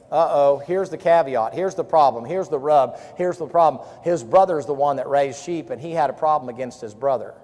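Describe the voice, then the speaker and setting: A man delivers a sermon as a pastor. His voice sits a bit high for a man, and he drives his points home by repeating phrases with emphasis. The sound carries a long reverberation from a large hall. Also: brisk, hardly any pauses, a little mellow. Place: camp-meeting hall.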